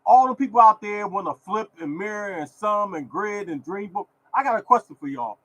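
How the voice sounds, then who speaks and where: A man's voice: high voice, animated, a little fast, fairly bright tone, rough recording. A man hosting his own lottery podcast, talking in a repetitive, preachy way and scolding his listeners. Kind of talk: casual podcast rant.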